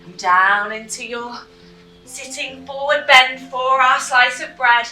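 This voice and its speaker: Slow, bright-voiced woman teaching kids yoga. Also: high voice, fairly even intonation. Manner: gentle instructing, slow and clear. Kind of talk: storytelling yoga class for children. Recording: echoey room, mic at a distance, faint music.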